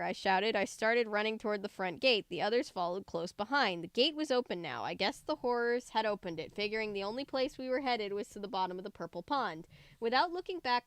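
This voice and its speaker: A young woman reading a story aloud, giving the dialogue lively voices and breaking off for chatty, joking asides. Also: mid-range voice, clean tone, no room sound. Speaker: reader of a book aloud.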